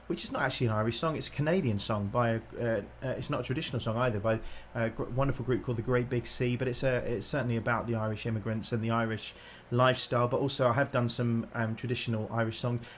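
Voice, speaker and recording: A man's voice: medium pitch, fairly even intonation, fast, few pauses, slight background noise. A man co-hosting a casual livestream, chatting in a jokey, self-deprecating way about songs he sings. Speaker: shanty singer and co-host.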